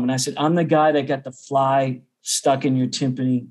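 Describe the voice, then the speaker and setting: A man's voice: on the high side, a little fast, hardly any pauses. A middle-aged man, a percussion teacher, telling a story casually and acting out the other people's voices. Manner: animated, acts out others' voices.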